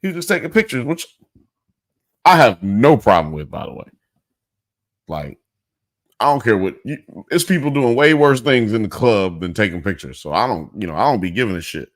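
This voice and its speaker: Laid-back, slangy man with a low voice. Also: sing-song, moderate pace, long pauses, dry recording, studio quality. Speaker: podcast host. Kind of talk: casual live-show chat.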